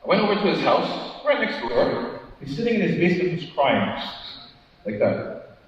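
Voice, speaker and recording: His voice leans high and swings widely in pitch as he moves at a moderate pace through an interactive conference talk. An engaging male motivational speaker, he quizzes listeners, keeps adding "right?", and dramatizes anecdotes with quoted lines. The large hall sounds echoey and dull, recorded from far away.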